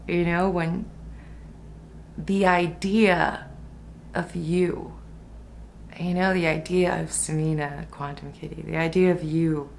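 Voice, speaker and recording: A woman in her thirties musing softly about a personal spiritual experience in a reflective vlog, with many fillers. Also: lowish voice, creaky, slight background noise. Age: 30s. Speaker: spiritual vlogger.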